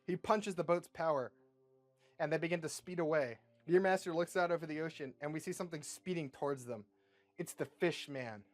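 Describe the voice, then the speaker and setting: Young male host, deadpan comic movie-pitch narrator, slightly high voice. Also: soft background music. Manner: brisk, deadpan storytelling with swearing asides.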